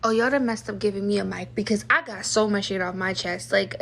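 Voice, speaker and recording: A woman's voice: medium pitch, fairly quick, vocal fry, a bit bright, slight background noise. A woman hosting a podcast, venting frankly and emphatically while telling her own story. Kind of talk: candid personal storytelling.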